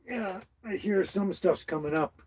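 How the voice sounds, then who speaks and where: A man's voice: high voice, a little slow, darkish tone, slight background noise, rough recording. A man from British Columbia, hosting a casual live stream and greeting viewers by name in a folksy way. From British Columbia, Canada. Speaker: livestream host. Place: tiny house with dogs nearby.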